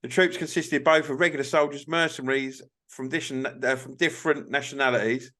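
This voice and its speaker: A man's voice: mid-range voice, steady tone, fairly quick, sharp tone. A young man co-hosting a casual podcast chat, swearing often and breaking into laughs as he reads aloud. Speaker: podcast co-host.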